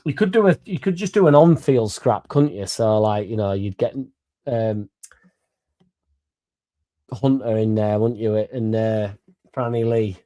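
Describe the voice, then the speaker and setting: Young lad, fan-channel host, tipsy and sweary, mellow tone, loose and rambling. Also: male voice, fairly low pitch, measured pace, long pauses. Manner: rambling, sweary and laddish, laughing between lines. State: a bit drunk. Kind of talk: casual livestream chat.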